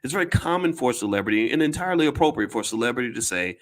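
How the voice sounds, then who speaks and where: This is a man with a middle-pitched voice, talking straight to his viewers in casual commentary. He is blunt and emphatic and swears now and then. He often stumbles, repeats a word and starts the sentence over. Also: animated, rapid-fire, fairly bright tone. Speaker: commentator addressing his audience.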